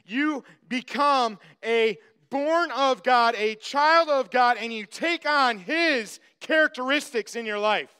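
A man's voice: very high voice, bright, forceful tone, smooth. A man preaching a sermon as pastor, emphatic, repeating phrases and speaking straight to the congregation.

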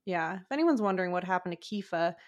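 A woman's voice: on the low side, lively intonation, fast. A woman guest on a podcast in casual chat, hedging, laughing often and restarting her sentences as she recounts.

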